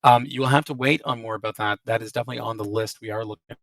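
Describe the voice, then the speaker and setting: A man's voice: lowish voice, fairly even intonation, rapid-fire, vocal fry, a bit bright, no echo. A man hosting a casual Q&A as a game developer, hedging with many restarts and fillers, his audio glitchy and robotic. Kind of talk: casual live Q&A, reading out and answering questions. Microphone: voice chat call. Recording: dry, distant, robotic-sounding voice chat audio.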